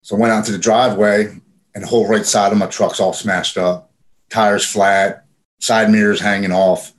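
Low-voiced man telling his story plainly. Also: flat delivery, normal speed. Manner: plainspoken, profane, frequent fillers. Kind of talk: casual personal storytelling.

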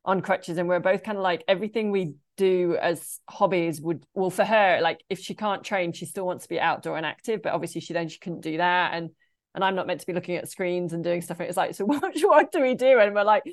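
A British woman in her forties, appearing as a guest on a video call, chats casually and rambles through wandering sentences. Her voice is lowish with fairly even intonation, and she talks a little fast.

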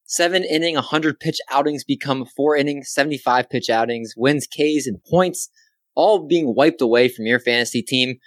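An upbeat man hosts a sports podcast on his own, chatting casually, making quick asides and poking fun at himself. His medium-pitched voice is recorded close and dry, with no room sound at all.

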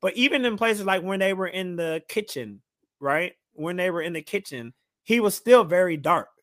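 A man co-hosting a podcast, talking in a chatty, teasing, animated way. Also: sits high, moderate pace. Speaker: podcast co-host. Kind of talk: casual podcast chat.

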